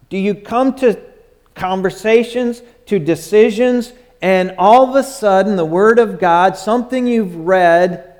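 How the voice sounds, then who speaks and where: An older man preaching a sermon as pastor, in a repetitive cadence that sinks low and soft at the ends of phrases, turning self-deprecating and lively when he jokes with the congregation.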